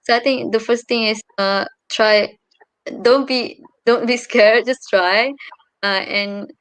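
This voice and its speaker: A young woman with a Malaysian accent talks casually as a guest, stopping often to hunt for her next words. Her voice is smooth and clean at a middling pitch, recorded dry and close over a video call. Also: steady tone, slow, fairly bright tone, dry recording. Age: young adult. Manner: hesitant, searching for words with many fillers. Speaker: interview guest, university student abroad. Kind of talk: casual chat.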